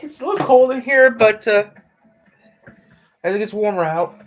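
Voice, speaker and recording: Man, live stream host, slightly high voice, rambling, hesitant, cold room at home. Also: lively intonation, normal speed. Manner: rambling, hesitant, lots of fillers. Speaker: livestream host. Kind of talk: casual live-stream chat.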